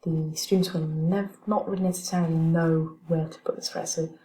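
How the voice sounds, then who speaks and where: Woman, lowish voice, teacher explaining stuff in a video lecture, bit of faint background noise. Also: steady tone, normal speed, mellow, rough recording. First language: French. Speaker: language lecturer.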